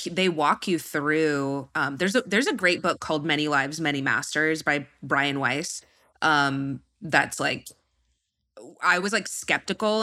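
A woman with a low-pitched voice that still sounds bright and forceful. She chats casually as a podcast guest and laughs often. She drifts off mid-sentence and circles back. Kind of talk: casual chat.

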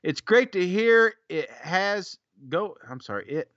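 A man co-hosts a casual podcast, reading listener reviews and laughing along. His voice is bright and high with a wide, animated swing. The recording is dry and a little dull. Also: slow, few pauses, dry recording. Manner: jokey, laughs often, reads reviews aloud. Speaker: podcast co-host.

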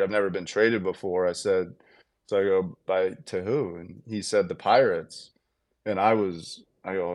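A man's voice: sits low, moderate pace, dry recording. Chatty man telling a story, dry sound. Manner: animated, acts out quotes with lots of fillers. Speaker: podcast guest, baseball player. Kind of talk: casual storytelling.

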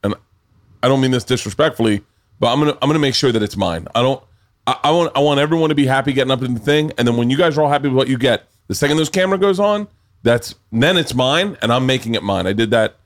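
A man's voice: medium pitch, fast. A man from the American South hosting a podcast, rambling and emphatic, swearing freely in casual chat. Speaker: podcast host.

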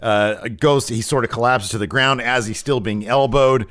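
A man's voice: mid-range voice, normal speed, fairly bright tone, no room sound, clean studio sound. A man co-hosting a wrestling podcast, recapping matches in casual chat with many restarts and fillers. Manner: rambling, frequent restarts and fillers.

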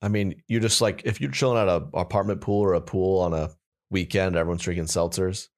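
A man's voice: low voice, fairly even intonation, fairly quick. A young man co-hosting a comedy podcast, chatting casually in a rambling, joking way full of fillers. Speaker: podcast co-host.

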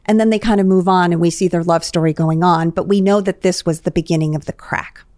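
A woman's voice: on the low side, steady tone, fairly quick, darkish tone, no room sound, studio quality. A woman therapist, a guest on a podcast, analyzing relationship dynamics in an explanatory, conversational way.

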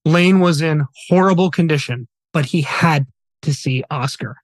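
Male podcast host, somber storytelling, slightly high voice, dry close mic. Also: normal speed, dry recording. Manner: earnest, somber retelling with quoted dialogue.

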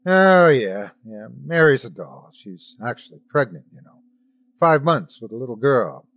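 A man's voice: medium pitch, very animated, a little slow, a bit bright, exaggerated voice. A man voicing a big, blunt, folksy hunter driving a truck. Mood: chatty.

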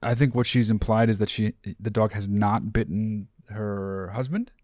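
A man's voice: on the low side, steady tone, normal speed, darkish tone, no echo. A man co-hosting a podcast, teasing his partner in a dry, wry way during casual chat. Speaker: podcast co-host.

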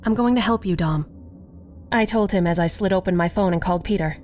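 Casting: female horror narrator, lower voice, unhurried and measured, faint music underneath. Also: darkish tone. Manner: slow, measured storytelling. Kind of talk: scripted horror story narration.

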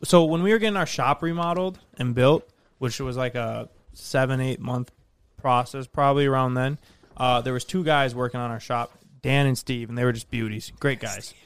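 A man's voice: mid-range voice, moderate pace, clean tone, no echo. Guy rambling thru a story on a podcast, lots of anyways, mid voice. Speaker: podcast co-host. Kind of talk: casual storytelling chat.

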